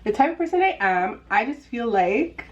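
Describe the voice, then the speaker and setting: A woman's voice: fairly high pitch, big pitch swings, normal speed. Young woman, chatty makeup vlog, giggly, slightly dull lo-fi sound, faint room hiss. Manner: bubbly, giggly, lots of "like" fillers. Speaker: vlogger. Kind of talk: casual chatty get-ready-with-me vlog. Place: indoors at home, doing makeup.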